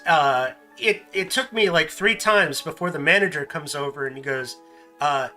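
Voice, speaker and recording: Guy streamer rambling thru funny stories, really bright voice, bit high, faint music behind. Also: normal speed. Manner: animated storyteller, laughs often. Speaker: streamer host. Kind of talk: casual chat.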